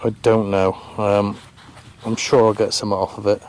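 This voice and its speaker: A man's voice: fairly low pitch, little pitch movement, normal speed, a little mellow, slight background noise. A man vlogging his metal detecting in a farm field, thinking aloud in a hesitant, chatty way as he talks to the camera. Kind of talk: casual commentary to camera. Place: open farm field outdoors.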